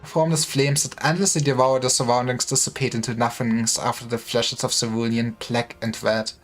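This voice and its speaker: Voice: medium pitch, level tone, fairly quick, soft background music. Streamer reading a game story dramatically. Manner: dramatic reading, voicing each character in turn.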